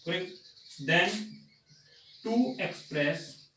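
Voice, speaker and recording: Slow, echoey Indian English male teacher. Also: high-pitched, lively intonation, bright, forceful tone, distant mic, slight background noise. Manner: slow and deliberate, repeats words for emphasis. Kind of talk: grammar lecture. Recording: echoey room, voice set back from the mic.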